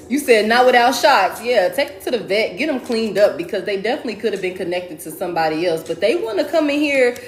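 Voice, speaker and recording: A woman giving a casual, profane tarot reading to her viewers, talking fast and laughing as she goes. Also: high voice, reverberant, a little hiss or hum. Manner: animated, profane, laughing, chatty. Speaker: tarot reader.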